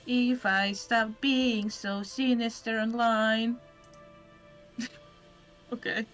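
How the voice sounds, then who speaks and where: A woman voicing a gloomy, self-pitying female troll who posts sinister content, reading her lines slowly in a flat robot-like voice. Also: fairly high pitch, poor audio. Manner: slow flat robotic delivery. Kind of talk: reading game dialogue aloud.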